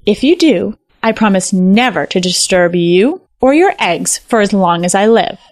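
A woman voicing an eager young male fox trickster, talking in an excited, earnest way in a storybook. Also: medium pitch, a little slow. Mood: coaxing.

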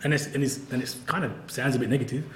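Brief: quick, candid male professor, wry and laughing, roomy hall sound. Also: medium pitch, fairly even intonation, slight background noise. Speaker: professor and author. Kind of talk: conversational talk at a book event.

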